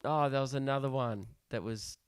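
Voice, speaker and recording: A man's voice: medium pitch, clean tone, no room sound, clean studio sound. A young Australian man co-hosting a casual podcast, chatty and joking as he plugs his tour dates. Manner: chatty, joking, brisk self-promotion. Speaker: podcast co-host, touring comedian.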